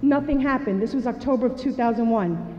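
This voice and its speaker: A woman giving a personal testimony to an audience. She tells it as an animated storyteller and acts out the dialogue. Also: a little high, brisk. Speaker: speaker sharing a personal story. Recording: echoey hall, dull sound.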